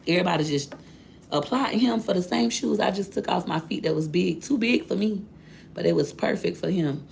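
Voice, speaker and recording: A woman vlogger with a low, gravelly, darkish voice tells her viewers a personal story at a brisk clip. She speaks to them candidly and directly in a loose, chatty style, with a faint hiss beneath the recording.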